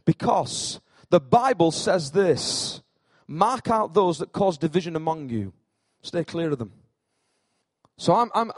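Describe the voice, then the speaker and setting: A male pastor preaching a sermon, swinging between hushed lines and loud, animated peaks, and joking with his congregation by name. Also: sits high, no room sound.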